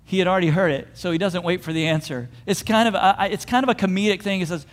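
High-voiced pastor preaching in a reverberant hall. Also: male voice, fast talker, hardly any pauses. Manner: animated storytelling, acting out crowd voices. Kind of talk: sermon.

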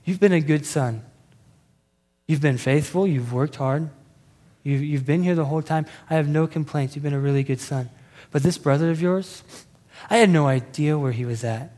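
A tender, soft-spoken father, as a preacher puts him on, low and consoling. A long hall reverb lingers behind the quiet voice. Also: very animated, slow pace, long pauses, exaggerated voice. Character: gentle loving father, older man, tender.

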